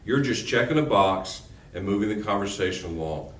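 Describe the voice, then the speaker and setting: A man's voice: lowish voice, expressive, brisk, a bit bright, reverberant, distant mic, slight background noise. A man teaching a recorded lecture as a law instructor, with an emphatic, punchy delivery.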